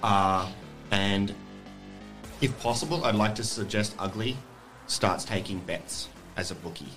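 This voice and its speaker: A man's voice: lowish voice, unhurried, over music, low-quality recording. A man playing a tabletop game, eager and scheming as he proposes plans. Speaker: player. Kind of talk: tabletop role-play as a player.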